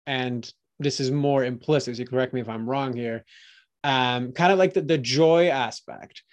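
A man's voice: medium pitch, moderate pace, lo-fi sound. A man hosting a podcast as a coach, reflecting back what he hears and checking in with "right?". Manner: reflective, sums up with "right?" tags. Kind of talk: coaching conversation.

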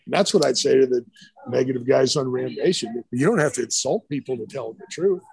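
A man's voice: mid-range voice, fast, darkish tone, low-quality recording. A middle-aged man, a retired football coach, telling rambling stories in a casual interview. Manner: rambling, storytelling with quoted voices.

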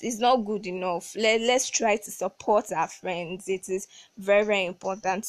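A woman's voice: medium pitch, dry recording. A young woman hosting a solo advice podcast, talking emphatically and repeating words for stress. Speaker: podcast host.

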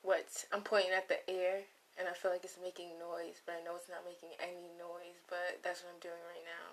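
A woman's voice: lowish voice, monotone, fairly quick. A young woman vlogger in a casual, comedic monologue, rambling and losing her train of thought with playful asides, close to the mic. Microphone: close microphone.

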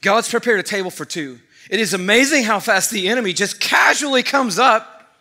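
A male pastor delivering a sermon as lively storytelling, acting out each character himself. His voice sits a bit high and sounds bright and forceful. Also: normal speed. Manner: animated storytelling, playing every part.

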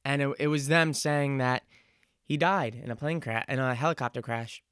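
A man in his twenties hosting a solo podcast, talking in an earnest, reflective and halting way. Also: medium pitch, fairly bright tone, smooth, no echo, clean studio sound. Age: 20s. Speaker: podcast host. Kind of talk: casual solo podcast monologue.

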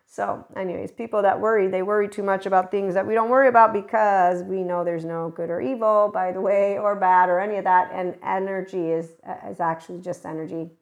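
A woman's voice: mid-range voice, steady tone, normal speed. A woman hosting a spiritual talk podcast, speaking in a rambling, candid way, laughing often and swearing freely. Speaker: podcast host. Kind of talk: casual spiritual monologue.

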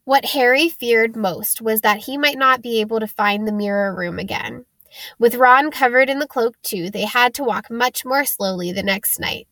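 A woman narrating an audiobook chapter in a gentle, steady storytelling voice. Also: fairly high pitch, moderate pace, dry recording. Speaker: audiobook reader.

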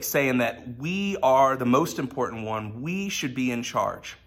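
A man's voice: medium pitch, lively intonation, moderate pace, few pauses, sharp tone, husky. A man giving a conversational sermon as a pastor, telling personal stories. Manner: casual storytelling with personal anecdotes.

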